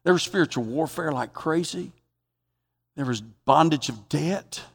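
A man's voice: fairly high pitch, a little slow, vocal fry, breathy edge, in a large hall. Emphatic male pastor preaching a sermon. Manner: emphatic, swinging from loud exhortation to quiet reflection; repeats phrases for emphasis.

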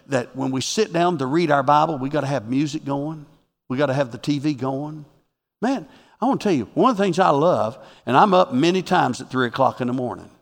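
A man preaching a sermon as a pastor, animated and swinging from loud to hushed. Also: on the high side, vocal fry, big-room sound.

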